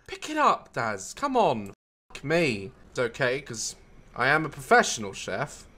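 Manic male gaming YouTuber, constant swearing, slow-drawn wild swings in pitch. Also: wildly swooping pitch, bright, forceful tone. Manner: frantic, swears constantly, yelps and cackles at mishaps. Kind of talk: comedic gameplay commentary.

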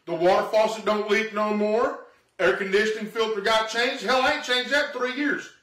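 A man's voice: sits high, fairly even intonation, moderate pace, a bit bright, recorded from a distance. Rambling folksy man in an echoey room. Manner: rambling, folksy, self-mocking. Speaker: stand-up comedian. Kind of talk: home-filmed comedy monologue. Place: living room at home.

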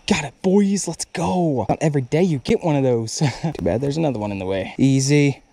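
Excitable, foul-mouthed young man vlogging outdoors. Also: a little high, fairly quick, gravelly, a little hiss or hum. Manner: excitable and profane, swears freely when snagged. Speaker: fishing vlogger. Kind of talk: casual on-the-go vlog commentary. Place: outdoors at a creek by a bridge. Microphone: chest-mounted action camera.

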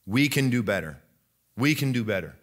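Young male pastor, sermon delivery, emphatic rising bursts, restarts mid-sentence; mid-pitched. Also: lively intonation, moderate pace. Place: church sanctuary.

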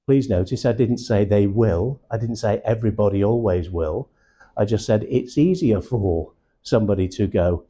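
Dark, husky-voiced male sales trainer. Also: lowish voice, animated. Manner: emphatic, drawn-out stresses for teaching. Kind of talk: live training session. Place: training room.

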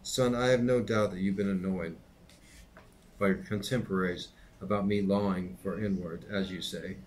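A man reading aloud and voicing a calm, grave middle-aged lawyer father who admonishes his children in a measured, steady way. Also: low voice, natural voice. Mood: stern. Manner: measured and stern, gently admonishing.

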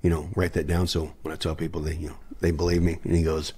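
A man's voice: rumbling low, flat delivery, quick pace, mellow, slightly rough. A man, a guest musician, telling stories in a podcast interview, acting out quoted dialogue and laughing often. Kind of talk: anecdotal storytelling in a podcast interview.

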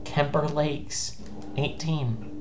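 A woman doing let's play commentary, ranting in exasperation with heavy swearing and sudden bursts of shouting. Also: low-pitched, drawn-out words, noisy background. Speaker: gameplay commentator.

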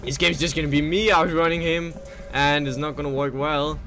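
A man's voice: on the high side, steady tone, normal speed, fairly bright tone. A man playing a horror game on camera, talking nervously to himself as he goes and swearing and screaming at the scares. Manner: nervous running self-talk. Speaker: gaming video host.

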